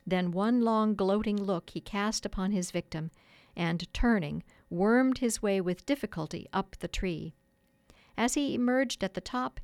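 Woman narrator, storybook, expressive and measured, dry close mic. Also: medium pitch, no room sound.

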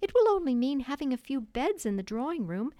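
A woman's voice: high-pitched, very animated, a little fast, mellow, dry recording, pitched above the performer's own voice. A woman voicing a kind, motherly young girl who speaks in a coaxing, earnest way. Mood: tender.

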